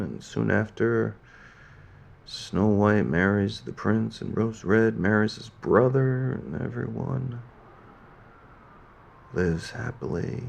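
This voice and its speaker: A man in a game role reading a fairy tale aloud as a gentle bedtime story. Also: on the low side, gravelly, heavily acted. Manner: gentle storytelling, softening at the end.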